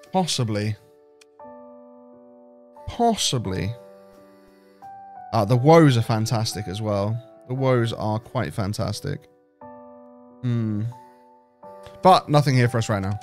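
A man's voice: lowish voice, very animated, a little slow, pauses often, soft background music. A British man giving casual let's-play commentary, thinking aloud and rambling with restarts. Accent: British English. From Britain. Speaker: game streamer.

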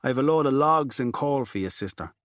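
A plain, quiet working man answers softly and guardedly, as a male narrator plays him. His voice sits at a middling pitch, close to the narrator's own, and the recording is dry and close. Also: expressive, a little fast, no room sound, natural voice. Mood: subdued.

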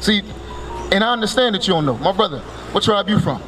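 Fast and animated, this high-pitched, somewhat bright male voice belongs to a street preacher, with faint music in the background. He orders scripture read aloud with a sharp "Read," explains it, and keeps testing listeners with repeated "right?" and rhetorical questions.

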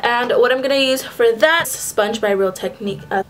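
A young woman chats her way through a casual makeup tutorial. Her voice sits a little high, and she often stops to correct herself mid-phrase. Soft music plays underneath. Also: normal speed, poor audio. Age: young adult. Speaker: beauty vlogger.

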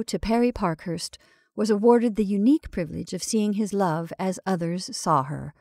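Calm woman reading a story. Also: medium pitch, no echo, clean studio sound. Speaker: story reader. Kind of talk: storytelling narration.

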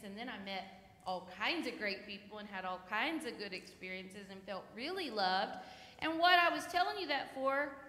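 Bright-voiced woman telling children a story. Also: high voice. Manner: gentle, animated, talks to children. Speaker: children's time leader. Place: church sanctuary. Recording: echoey church hall, faint noise.

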